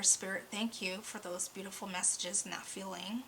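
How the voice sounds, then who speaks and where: A woman's voice: medium pitch, steady tone, moderate pace, gravelly, hardly any pauses, sharp tone, slight background noise, low-quality recording. A woman giving a weekly oracle card reading, talking earnestly and a bit ramblingly, openly emotional, her voice close to cracking. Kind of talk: spiritual card reading monologue.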